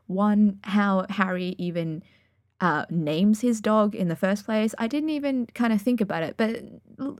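A woman's voice: lowish voice, no echo, studio quality. A woman recording a casual, enthusiastic afterword to her audiobook reading of a story, chatty and full of fillers. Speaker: podfic reader. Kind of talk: casual reader's afterword chat.

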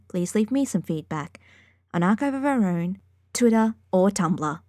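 A podfic reader, a woman with a lowish, slightly mellow voice, chats casually and enthusiastically in an afterword to her audiobook reading of a story, with plenty of fillers. The recording is clean studio sound with no echo.

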